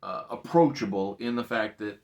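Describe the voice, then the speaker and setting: A man co-hosting a casual movie review chat, talkative and quick to laugh. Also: lowish voice, creaky, darkish tone. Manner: laughs often, chatty. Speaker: podcast co-host.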